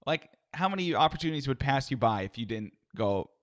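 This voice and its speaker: A man co-hosting a comedy podcast, teasing his partner in a deadpan, casual way. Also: medium pitch, brisk, no echo, clean studio sound. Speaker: podcast co-host.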